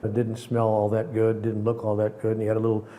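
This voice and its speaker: A man, a spiritual teacher, telling personal stories in an animated way, acting out the people in them and sometimes dropping to a whisper. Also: on the low side, fairly quick, slight background noise. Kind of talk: storytelling talk.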